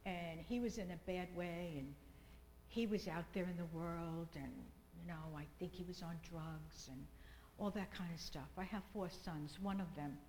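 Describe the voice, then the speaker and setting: A middle-aged woman preaching a sermon with fervent repetition, at times dropping to a soft whisper in prayer. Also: lowish voice, fairly even intonation, moderate pace, a little hiss or hum, rough recording.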